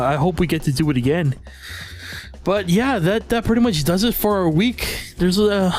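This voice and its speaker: Guy doing a weekly recap, kinda high voice, rambly and laughy, a bit hoarse, faint music behind. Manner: rambling, laughs often, restarts. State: losing his voice. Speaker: channel host.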